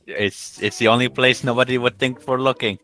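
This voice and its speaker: A man's voice: mid-range voice, fairly even intonation, fairly quick, bright, forceful tone, faint music behind, close to an everyday voice. A man voicing a grumpy male cook with a put-on Mexican accent in a Minecraft roleplay. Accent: put-on Mexican Spanish. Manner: grumpy, irritated.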